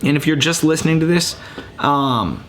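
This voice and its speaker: A man hosting a casual sports podcast from home, rambling and excitable, poking fun at himself as he goes. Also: on the high side, moderate pace, a little hiss or hum. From Ohio. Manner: rambling, excitable, self-mocking. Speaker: podcast host. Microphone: camera and computer mic.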